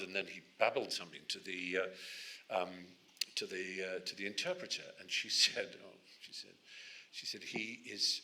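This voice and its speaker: A man's voice: lowish voice, bright, forceful tone. A man in his sixties from England, speaking to a student audience as guest speaker, telling anecdotes with frequent restarts. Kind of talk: storytelling talk to a student audience. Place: lecture hall.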